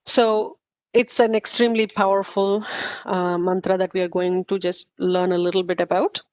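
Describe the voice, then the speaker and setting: A woman's voice: lowish voice, level tone, normal speed, darkish tone, no room sound. A woman teaching a study group in an informal lecture, explaining step by step with frequent fillers and self-corrections. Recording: slightly muffled, dull recording.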